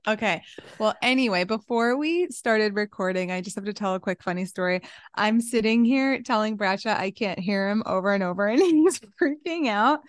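A woman from New York co-hosting a casual podcast chat, calm and quick to laugh, wearing headphones with a mic. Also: mid-range voice, smooth, no echo, clean studio sound. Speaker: podcast co-host. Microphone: headphones and mic at home.

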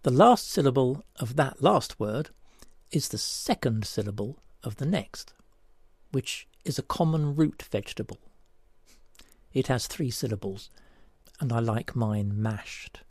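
A man walks listeners through a word puzzle in a lively, rising and falling voice with a gravelly edge. His tone is slightly husky, and he talks slowly and carefully through each clue. The sound is close and dry. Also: mid-range voice, no room sound. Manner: deliberate, spells out each step. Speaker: puzzle presenter. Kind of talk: scripted word puzzle presentation.

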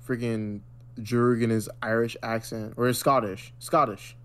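A man's voice: mid-range voice, little pitch movement, measured pace, a bit bright, clear, resonant tone. Slangy young-sounding American man chatting. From United States. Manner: slangy, says bro and freaking a lot. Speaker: podcast co-host. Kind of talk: casual chat.

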